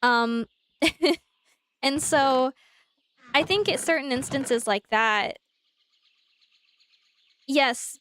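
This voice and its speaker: High-voiced woman streamer chatting. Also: a little hiss or hum. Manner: animated, talks through examples, answers chat. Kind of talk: casual chat while gaming live.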